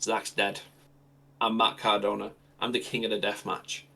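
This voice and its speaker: A man's voice: fairly low pitch, little pitch movement, moderate pace, creaky, pushed and bright, heavily acted. A man voicing a brash male hardcore wrestler issuing a challenge, improvised off the cuff. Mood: challenging.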